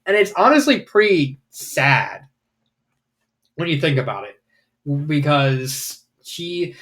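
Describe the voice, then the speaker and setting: A man's voice: a little high, fairly bright tone. A man casually reviewing fanfiction, rambling with lots of fillers and the odd swear word.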